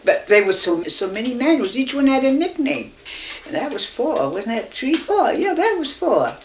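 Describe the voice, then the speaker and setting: An older woman reminiscing in an interview, telling anecdotes in a lively way and acting out the voices of the people in them. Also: sits high, normal speed, a little hiss or hum. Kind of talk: reminiscing storytelling.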